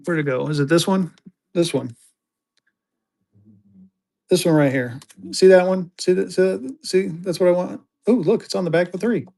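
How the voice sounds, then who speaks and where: Speaking at a normal speed with a high-sitting, slightly mellow voice, this livestream seller pauses often and has some vocal fry. He runs a casual online auction, joking and chatting with viewers as he presents each item.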